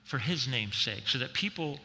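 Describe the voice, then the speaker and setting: A middle-aged man preaching a sermon as a pastor, swinging between loud emphatic lines and soft, slow reflective passages. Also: medium pitch, animated. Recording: long reverb in a large hall.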